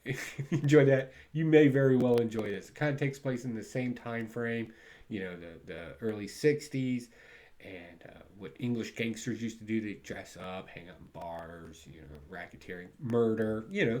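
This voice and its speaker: A man's voice: lowish voice, darkish tone. A man casually reviewing his weekly comic book haul, rambling and chatty and laughing at himself now and then.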